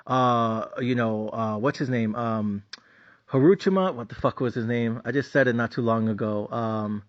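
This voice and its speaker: A man's voice: medium pitch, steady tone, normal speed. A man hosting a sports betting channel, ranting casually and bluntly about his team with a lot of profanity. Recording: dull lo-fi sound.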